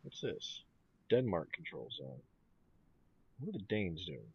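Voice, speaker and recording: A man's voice: sits low, big pitch swings, measured pace, creaky, lo-fi sound, slight background noise. A man hosting a gaming channel, thinking aloud in casual commentary as he plays a strategy game. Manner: thinking aloud, mumbling and musing. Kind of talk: let's play commentary.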